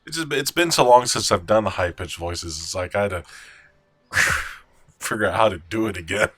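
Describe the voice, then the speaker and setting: A man's voice: fairly low pitch, lively intonation, moderate pace, sharp tone, slightly rough. A man hosting a gaming video, chatting casually and unhurriedly about doing voices. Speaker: gameplay video host.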